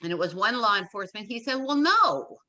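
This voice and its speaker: A woman's voice: mid-range voice, racing, sharp tone. A middle-aged woman, an interview guest, telling an emotional personal story and acting out the dialogue with emphatic repetition. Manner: retells events with quoted dialogue and emphatic repetition.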